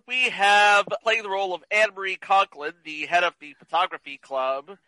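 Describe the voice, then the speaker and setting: A man's voice: high-pitched, moderate pace, sharp tone, dry recording, rough recording. A man co-hosting a casual movie chat podcast, teasing and wry. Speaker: podcast co-host.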